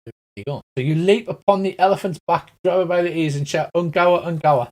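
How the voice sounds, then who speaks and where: A man's voice: sits high, fast, a little mellow. A man narrating as game master, chatty and laughing, acting out creatures and crowds as he goes.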